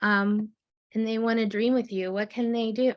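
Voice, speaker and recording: A woman's voice: on the high side, fairly even intonation, moderate pace, lo-fi sound. A woman hosting a podcast interview, chatting casually and supportively with her guest. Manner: supportive, brief affirmations and laughs. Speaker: podcast host.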